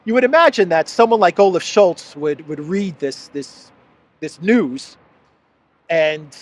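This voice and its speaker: A man's voice: sits high, lively intonation, unhurried, pauses often. A man hosting a solo political commentary show, reading news excerpts aloud and mocking them sarcastically, often restarting his sentences.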